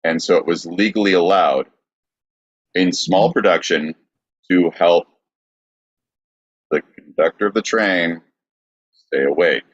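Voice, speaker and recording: A man co-hosting a podcast, presenting history from notes in a halting way with fillers. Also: low-pitched, no echo, lo-fi sound. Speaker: podcast co-host.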